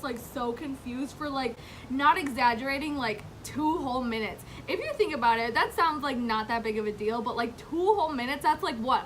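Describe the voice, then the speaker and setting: A woman vlogger with a high, bright, sharp voice tells a rambling storytime tale, swearing a lot, laughing often and saying "like" constantly. Her animated delivery has a faint hum of noise beneath it.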